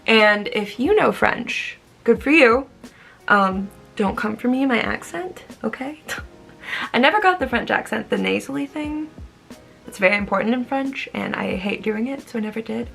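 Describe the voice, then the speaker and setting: A woman's voice: on the high side, moderate pace, gravelly, faint music behind. Bubbly young woman teaching English. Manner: bubbly, animated, acts out words. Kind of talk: casual teaching vlog.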